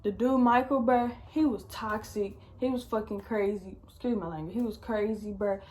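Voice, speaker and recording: A woman's voice: medium pitch, steady tone, normal speed, darkish tone, slight background noise. A young woman vlogger telling a storytime, chatty and slangy, swearing often. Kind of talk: casual storytime.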